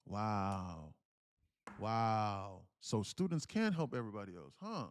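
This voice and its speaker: This young male day trader talks slowly, his pitch swinging widely, as he streams live commentary on his trades and chats with his viewers. He's chatty and thanks people, and he puts on a higher voice to read their comments.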